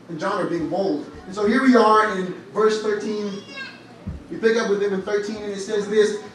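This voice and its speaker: A young man preaching a lively sermon, telling stories with humor and rising to shouts at times. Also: sits high. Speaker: church speaker. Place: large church hall. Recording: echoey hall, from far off, faint noise.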